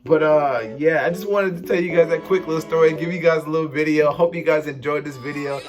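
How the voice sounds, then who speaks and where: A young man vlogger casually telling a storytime story, animated and slangy, acting out what people said. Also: fairly high pitch, quick pace. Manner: animated, slangy, acts out quotes.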